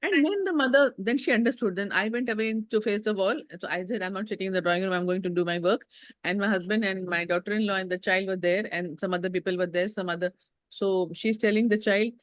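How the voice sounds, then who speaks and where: An older woman, telling family stories in a casual chat, animated and laughing often as she acts out the people she quotes. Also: mid-range voice, fast talker, no room sound. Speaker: guest.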